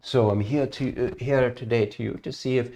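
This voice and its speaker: A gentle, reserved elven ranger woman speaks with a put-on accent, as a man voices her. Her voice sits well above the performer's usual register and comes out courteous and halting, full of small restarts. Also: medium pitch, fairly even intonation, voice pushed up, close to an everyday voice. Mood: polite. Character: sweet, reserved, polite female elven ranger.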